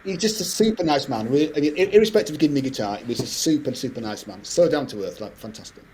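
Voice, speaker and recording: A middle-aged man, telling stories as a podcast guest in animated, rambling talk. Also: medium pitch, a little hiss or hum. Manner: fast, animated anecdote-telling with frequent laughs. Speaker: guest composer. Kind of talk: casual podcast interview storytelling.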